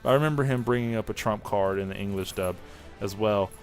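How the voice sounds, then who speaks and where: With faint music in the background, a man with a lowish voice talks fast through an excitable, rambling review of an anime episode. He keeps starting over and correcting himself as he goes.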